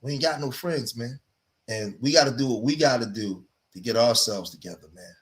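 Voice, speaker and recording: A man's voice: mid-range voice, fairly quick. A man hosting a livestream, delivering emphatic, preachy commentary, repeating himself and saying "man" often. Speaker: streamer and commentator.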